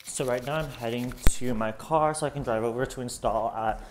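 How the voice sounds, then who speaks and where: A man's voice: medium pitch, brisk, background noise. A young man talking casually through a vlog as an art student, chatty and playful, calling the viewer babe. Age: young adult.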